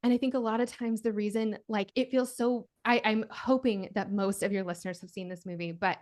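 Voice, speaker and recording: A woman's voice: medium pitch, brisk. A woman, an author, on a podcast as a guest, talking casually and with energy while she walks through advice step by step. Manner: energetic, lays out steps, many fillers like "like".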